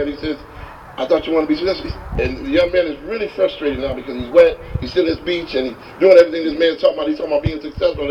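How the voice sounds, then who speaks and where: A man giving a motivational talk, telling a story with animated delivery and acting out the characters, recorded from a distance with dull sound. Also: fairly high pitch. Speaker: motivational speaker. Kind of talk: storytelling speech. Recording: distant, dull, faint hiss.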